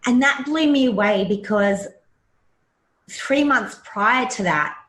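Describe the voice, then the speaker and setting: A woman's voice: a little high, slow pace, a bit bright. A woman in her forties, a hypnotherapist guest, telling a personal story in a blunt, emotional way and swearing freely. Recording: roomy echo.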